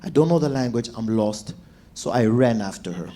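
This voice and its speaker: A man, a stand-up comedian telling stories in an animated way. His pitch swings widely as he acts out shouts and quoted lines, all in a mid-range voice. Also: moderate pace, slight background noise. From Zambia. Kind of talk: stand-up storytelling.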